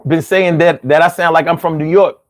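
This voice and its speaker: A man's voice: fairly high pitch, fairly quick. A man with a Philadelphia accent hosting a casual live stream, talking loosely and drawing his words out when he jokes. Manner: loose and animated, drawls words out when joking.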